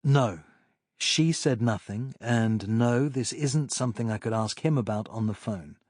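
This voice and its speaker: A man voicing a steady policeman who speaks in a measured, slightly pompous way. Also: mid-range voice, no echo, clean studio sound, close to an everyday voice. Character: calm steady country policeman.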